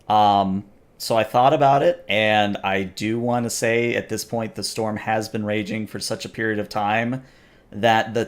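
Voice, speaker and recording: A man narrating as game master of a tabletop role-playing game, with slow, deliberate descriptions. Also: fairly low pitch.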